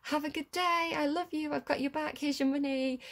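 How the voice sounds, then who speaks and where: A woman's voice: high voice, steady tone, brisk, voice pushed up. A woman doing a gushing, overly upbeat accountant who hands out pay in a sing-song voice.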